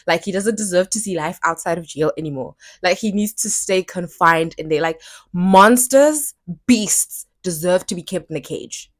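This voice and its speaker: A young woman hosting a solo podcast, ranting heatedly, swearing and repeating phrases for emphasis. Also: on the low side. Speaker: podcast host.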